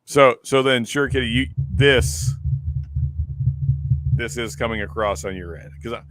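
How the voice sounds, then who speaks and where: A man's voice: medium pitch, measured pace, fairly bright tone, no echo. A man hosting a casual whiskey live stream, easygoing, often repeating words as he starts a sentence. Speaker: whiskey show host. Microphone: close desk microphone.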